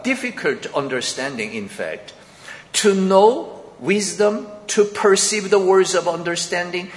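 Guy teaching a bible passage real slow, lots of reverb like a big hall. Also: a little high. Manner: slow, methodical, explaining grammar step by step. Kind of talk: sermon-style bible lecture. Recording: echoey hall with long reverb.

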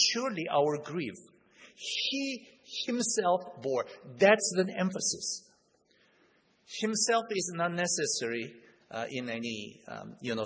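A man preaching an expository Bible lesson, slow and deliberate, leaning hard on key words. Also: mid-range voice, fairly bright tone, husky, big-room sound, low-quality recording.

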